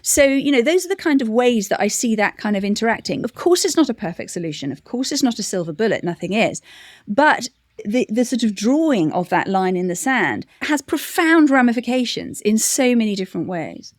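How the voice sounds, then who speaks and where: A woman's voice: fairly high pitch, big pitch swings, brisk, dry recording. Brit woman being interviewed, thoughtful, starts over a lot, dead dry mic. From United Kingdom. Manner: reflective, many restarts and soft laughs. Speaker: interview guest, campaign director. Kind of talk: conversational interview.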